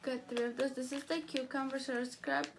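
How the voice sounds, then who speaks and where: A woman chatting casually through a beauty product haul, gushing and halting, with frequent restarts. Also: sits high, level tone, noisy background.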